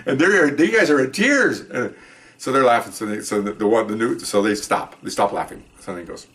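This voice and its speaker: A man's voice: mid-range voice, fairly quick, a bit bright, recorded from a distance. A man, a former police officer, telling a story from his career in a casual first-person way, acting out the dialogue and swearing offhand. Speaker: retired police officer telling stories on a podcast.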